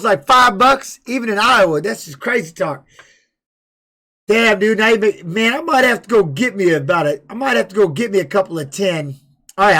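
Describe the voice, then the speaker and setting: A man and former fighter chatting casually, telling rambling stories with animated bursts. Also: high-pitched. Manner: rambling, animated storytelling with laughs. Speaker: podcast host and former fighter. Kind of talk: casual chat and storytelling.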